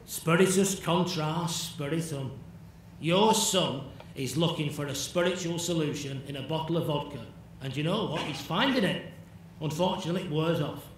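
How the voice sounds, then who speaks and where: A man's voice: on the high side, lively intonation, fairly quick. A man giving a conference lecture, telling a story in a chatty way, often asking "yeah?" and acting out imagined dialogue. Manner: conversational, checks in with "yeah?", acts out imagined dialogue. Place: large lecture hall. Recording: echoey hall, distant mic, faint noise.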